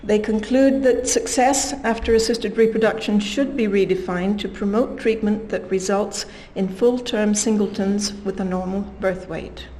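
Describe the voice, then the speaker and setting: Woman lecturing at a medical conference, mid pitch, steady, bit of faint hiss behind. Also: moderate pace, hardly any pauses, rough recording. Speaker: conference speaker. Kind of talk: scientific conference talk.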